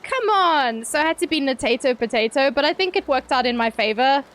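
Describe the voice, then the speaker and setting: A young woman with a high, bright-pitched voice chatting live with her stream audience. She talks in a loose, playful way, tossing out swear words and breaking into laughs. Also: fast. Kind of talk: casual live-stream chat with viewers.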